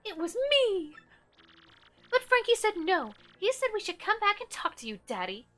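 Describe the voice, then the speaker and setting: A woman voicing a headstrong young mafia daughter in a game, high, pleading and tearful. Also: big pitch swings, moderate pace, fairly bright tone, soft background music, heavily acted.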